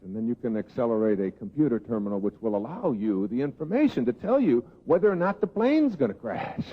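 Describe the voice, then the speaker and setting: Male speaker, lively pitch, jokey storytelling lecture, phone-thin recording in a long-echo hall. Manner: storytelling, acts out quoted voices. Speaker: self-help speaker. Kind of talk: humorous lecture to a live audience. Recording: tinny phone-like sound in a big hall.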